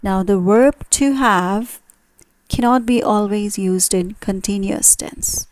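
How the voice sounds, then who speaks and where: A woman's voice: mid-range voice, slow pace, a little mellow. A woman teaching an English grammar lesson, explaining carefully and asking her viewers questions.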